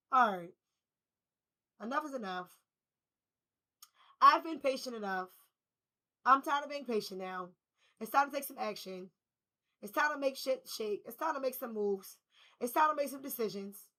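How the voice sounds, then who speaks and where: Bright-voiced woman giving a spiritual reading. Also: high-pitched, lively intonation, fairly quick, pauses often, poor audio. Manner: emphatic, repetitive, casual slang and swearing. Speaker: tarot reader.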